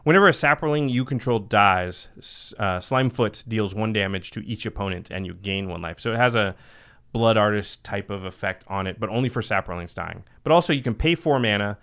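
A man's voice: on the low side, lively intonation, a little fast, fairly bright tone. A man hosting a casual podcast chat, explaining card game decks at length and laughing easily. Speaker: podcast host.

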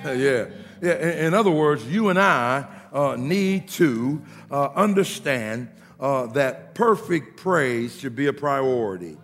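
A man preaching a sermon in a church, often shouting and building rhythmic repeated lines, with a gravelly voice. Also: mid-range voice, lively intonation, slow. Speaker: pastor. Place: church sanctuary. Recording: long reverb of a large hall.

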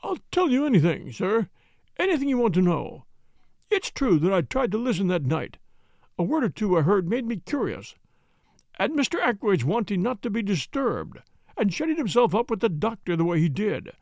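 A man's voice: high-pitched, big pitch swings, moderate pace, vocal fry, a little mellow, dry recording, studio quality, voice pushed up, full character voice. A man doing a stammering, nervous butler. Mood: pleading. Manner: stammering, pleading, deferential. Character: anxious, cringing middle-aged English butler. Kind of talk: audiobook character voice.

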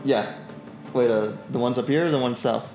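A man's voice: mid-range voice, normal speed, a little mellow, faint music behind. A man running a tabletop game as dungeon master, narrating combat loosely with fillers and laughs.

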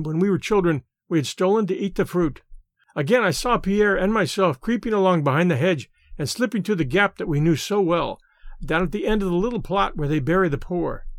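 A man reading classic stories aloud in a measured, dramatic narration. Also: high-pitched, dry recording, clean studio sound. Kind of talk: scripted story narration.

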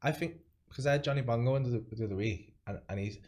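A man's voice: medium pitch, quick pace, a little mellow. A man with a Scouse accent hosting a podcast, laid-back and swearing casually. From Liverpool, England. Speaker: podcast host. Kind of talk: casual chat.

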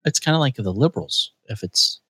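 A man's voice: expressive, a little fast, fairly bright tone, slightly rough, poor audio. Exasperated man ranting on a podcast. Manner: ranting, exasperated, jumps to high emphatic pitch. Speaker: podcast host. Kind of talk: casual podcast chat.

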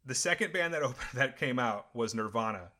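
A man's voice: mid-range voice, animated, fairly quick, sharp tone. Chatty enthusiastic middle-aged man. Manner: enthusiastic, rambling storyteller. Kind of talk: casual chat.

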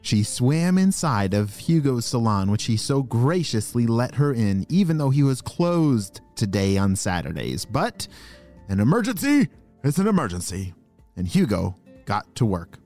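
A man narrating a children's story, animated and talking directly to young listeners with questions. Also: medium pitch, measured pace, soft background music.

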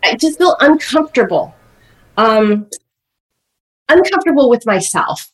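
A woman in her fifties, a guest author on a podcast, telling her story in an animated way with many fillers. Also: on the high side, moderate pace. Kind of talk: podcast interview.

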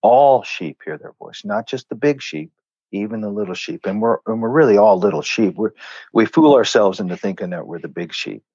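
Earnest male guest, lowish voice, dry muffled lo-fi sound. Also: expressive, normal speed, dark tone, slightly rough, no echo. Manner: earnest, conversational, acts out quoted lines. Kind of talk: storytelling in a faith interview.

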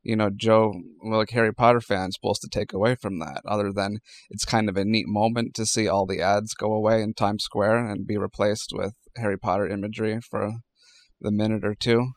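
A man's voice: on the low side, flat delivery, fairly quick. A man co-hosting a casual podcast chat, rambling and wry, with many fillers. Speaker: podcast co-host.

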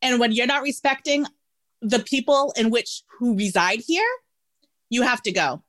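A woman's voice: a little high, animated, normal speed, fairly bright tone. A woman hosting a podcast, talking casually and effusively, with blunt swearing and gushing praise. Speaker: podcast host. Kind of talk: casual interview chat.

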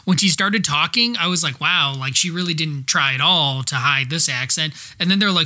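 A man's voice: on the high side, fast talker, sharp tone. A man co-hosting a casual movie podcast, rambling and giggling as he talks. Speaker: podcast co-host. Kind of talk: casual movie-review chat.

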